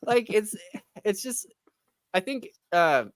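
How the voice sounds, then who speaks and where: A man's voice: high-pitched, animated, takes it slowly, clean tone. A man co-hosting a casual spoiler chat, ranting in an exasperated tone and mocking what he dislikes with quoted asides. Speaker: podcast co-host.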